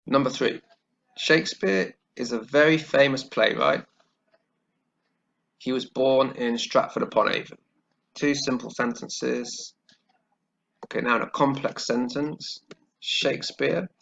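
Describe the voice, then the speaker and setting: A male English teacher walks through a grammar lesson at an unhurried pace, checking in with "okay" after almost every step. His voice has a gravelly, creaky edge. The recording is dull and lo-fi, with keyboard typing and clicking behind him. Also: medium pitch, steady tone, fairly bright tone. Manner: slow, careful explaining with frequent "okay" checks. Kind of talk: grammar lesson while writing on screen.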